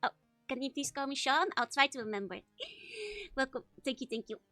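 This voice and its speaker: A woman's voice: high-pitched, sing-song, moderate pace, pushed and bright, no echo, soft background music. A woman streamer chatting casually while she reads an old childhood comic, laughing often between filler words.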